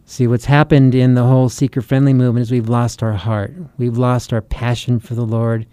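A man teaching in a sermon style, his voice mellow and warm. The sound is smooth and resonant, recorded dry and close. He presses his points with earnest urgency and a string of rhetorical questions. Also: medium pitch, level tone, a little fast, no room sound. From United States. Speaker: Christian author and preacher.

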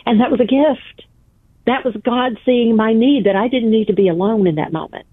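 A woman's voice: a little high, normal speed, breathy edge, no echo. Woman on a tinny phone line. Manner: earnest, emphatic, repeats phrases for weight. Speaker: guest author. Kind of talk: personal storytelling in interview. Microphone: phone call.

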